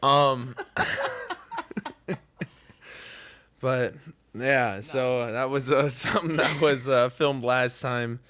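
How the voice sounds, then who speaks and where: A man co-hosting a casual podcast, telling a childhood story in a loud, profane, animated way and laughing as he goes. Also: medium pitch, very slow, long pauses, no room sound. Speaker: podcast co-host.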